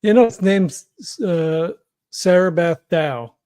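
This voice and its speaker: A man with a notably high voice talks through his moves at a tabletop game, thinking aloud and restarting his sentences. The chat is casual and searching. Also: takes it slowly, dark tone, smooth, no room sound, studio quality. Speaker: player.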